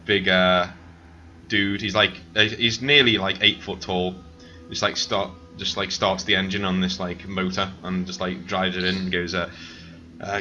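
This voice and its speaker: A man narrating as game master of a tabletop role-play, rambling and halting with many fillers. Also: sits low, flat delivery, pushed and bright, highs cut off, faint music behind.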